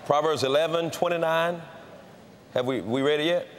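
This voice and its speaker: An older man preaching with folksy humor, moving from soft, low asides to loud shouted outbursts. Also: moderate pace, slight background noise. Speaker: pastor. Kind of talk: sermon.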